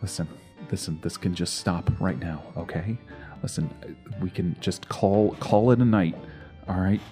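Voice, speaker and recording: A man's voice: low-pitched, measured pace, warm tone, soft background music. A man playing a tabletop game in character, pleading urgently and swearing. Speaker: player.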